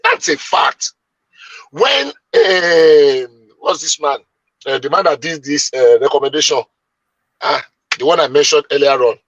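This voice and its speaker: Emphatic man, bright and husky. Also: on the high side, expressive, a little slow, long pauses, no room sound, lo-fi sound. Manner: emphatic, argumentative, long-winded. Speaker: debate panelist. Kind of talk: heated debate.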